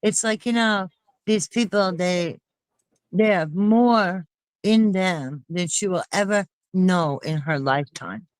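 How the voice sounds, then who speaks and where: A woman's voice: lowish voice, takes it slowly, dry recording. A woman co-hosting a casual chat panel, talking in an emphatic, heartfelt way. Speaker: panel co-host.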